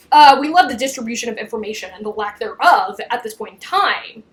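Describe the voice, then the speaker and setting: Brief: young female recap host, high-pitched, animated and chatty, acts out quotes. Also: fairly quick, few pauses, low-quality recording. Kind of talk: casual chat.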